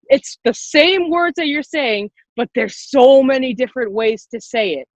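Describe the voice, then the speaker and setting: A woman leading an online public speaking workshop on a video call, lively and quick-talking, encouraging the participants. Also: high voice, no echo. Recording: dull lo-fi video call audio.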